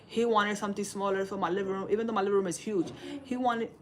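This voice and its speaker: Steady in tone but very fast, her medium-pitched voice comes with slight background noise. The speaker is a woman in her forties hosting a livestream, where she casually chats and doles out sassy, preachy relationship advice, calling everyone "baby."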